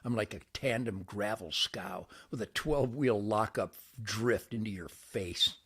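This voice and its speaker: An older man hosting his own show, ranting boastfully to camera by a campfire outdoors, with wild swings between shouting and muttering. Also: a little slow, husky. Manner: brash, boastful, loud swings in pitch and volume.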